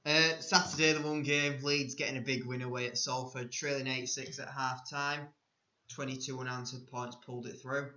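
A man's voice: mid-range voice, level tone, moderate pace, sharp tone. A man co-hosting a casual sports chat, talking with wry, teasing humour. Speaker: podcast co-host. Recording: echoey room, dull lo-fi sound.

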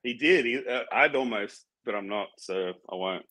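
A man's voice: on the low side, animated, moderate pace, bright, forceful tone. A man, a guest chatting casually and rambling about his brand, swearing now and then. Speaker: guest, supplement brand founder. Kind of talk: casual interview chat.

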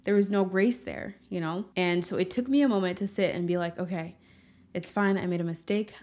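A woman's voice: fairly low pitch, fairly quick, a little mellow. A woman hosting a podcast, talking through a personal story in an earnest, candid way with lots of fillers. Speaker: podcast host. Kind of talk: personal reflective monologue.

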